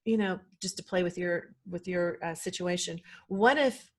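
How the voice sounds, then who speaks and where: A woman talking as a podcast guest, a life coach in casual conversation. She is lively and expressive, often dramatizing the inner voices she describes and laughing along the way. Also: lowish voice, normal speed. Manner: animated, acts out quoted voices, laughs easily.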